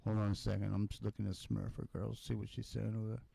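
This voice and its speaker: Low, flat-toned laid-back male co-host, slangy. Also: fast, vocal fry, husky, dry recording. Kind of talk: casual chat.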